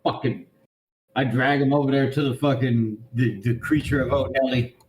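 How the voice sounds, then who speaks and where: A man's voice: medium pitch, fairly even intonation, normal speed, low-quality recording. A man playing a tabletop game, casual and profane, slipping into in-character speech. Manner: profane, boisterous. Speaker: player.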